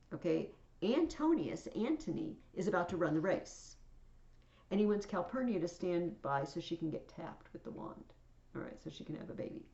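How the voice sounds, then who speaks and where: A woman's voice: fairly low pitch, expressive, normal speed, gravelly, mellow, echoey room, dull audio. A woman teacher casually explaining a play to a class, with chatty asides, reading scenes aloud.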